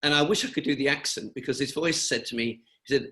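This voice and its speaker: A man's voice: medium pitch, fast talker, hardly any pauses, pushed and bright. An older man from England, telling anecdotes at length in a rambling, chatty way on a video call interview. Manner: chatty, rambling, with frequent fillers and restarts. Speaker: interviewee, cancer charity founder. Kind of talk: webinar interview, anecdotal storytelling.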